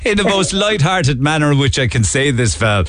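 A man's voice: a little high, big pitch swings, normal speed, a bit bright, no room sound, clean studio sound. A man with a Cork Irish accent hosting a radio chat show, jokey and teasing, laughing often. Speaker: radio host.

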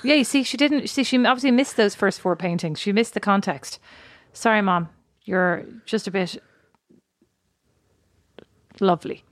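An Irish woman in her thirties, co-hosting a podcast in casual chat, telling stories with animated self-mockery. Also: mid-range voice, normal speed, pauses often, no echo, studio quality. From Ireland. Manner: animated, storytelling, self-mocking. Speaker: podcast co-host.

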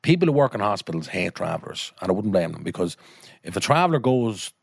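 An Irish man telling a family story in casual talk, animated and swearing freely. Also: lowish voice, quick pace, gravelly, husky, no echo, studio quality. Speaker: guest storyteller, filmmaker.

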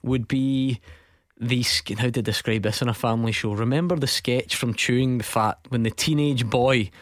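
A man's voice: mid-range voice, fairly even intonation, normal speed, dry recording, studio quality. Scottish man hosting a football phone-in. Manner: jokey, teasing, asks pointed questions. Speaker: radio football phone-in host. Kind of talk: sports radio chat.

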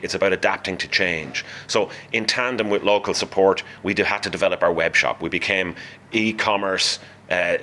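A man's voice: deep voice, bright, forceful tone, a little hiss or hum. A middle-aged Irish man working at a small brewery, answering interview questions with passion and animation, often repeating words as he starts a sentence. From Ireland. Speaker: brewery staff member.

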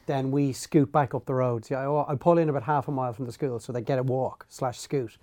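A middle-aged man, a podcast co-host telling animated stories about parenting and mimicking himself shouting at his kids. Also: medium pitch, fairly quick. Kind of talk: casual chat.

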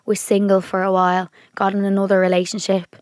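A woman's voice: mid-range voice, completely flat delivery, brisk, a little mellow, no room sound, clean studio sound. A young woman in her twenties with a Dublin Irish accent, chatting on a podcast and telling stories full of "like". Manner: chatty storyteller, many likes. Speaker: podcast co-host. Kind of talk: casual chat.

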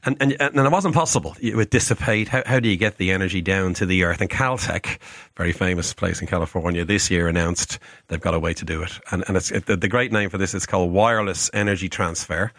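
A middle-aged man, a scientist guest explaining discoveries on radio in an enthusiastic, excitable way, often repeating words as he stumbles ahead. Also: low-pitched, quick pace, hardly any pauses, no echo, studio quality.

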